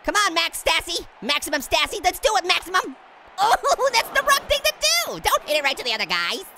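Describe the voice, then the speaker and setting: A man's voice: sing-song, a little fast, background noise, heavily acted. A man voicing a hyper, giggly male talking orange who cracks puns and taunts while commenting on gameplay. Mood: giddy. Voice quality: gravelly, high cartoon voice. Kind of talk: comedic let's-play commentary. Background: game music.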